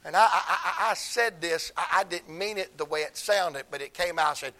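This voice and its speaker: An older man, preaching a sermon through emotional stories, swinging from hushed tones to shouts. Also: a little high, moderate pace, hardly any pauses.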